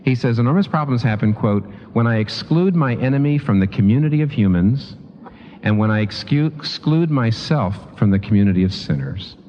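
A man delivers a sermon with very lively, swooping intonation, climbing high on his strongest points and dropping low to let a thought land. His talk is conversational and full of restarts and asides. The sound is dull and lo-fi, carried by the long reverb of a large hall. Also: fairly quick, a little hiss or hum. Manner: lively, emphatic preaching with rising pitch on key points. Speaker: preacher.

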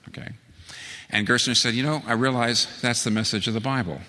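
A man preaching a sermon as pastor, telling stories and acting out quoted lines with sudden high-pitched jumps. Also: steady tone, fairly quick, sharp tone, big-room sound.

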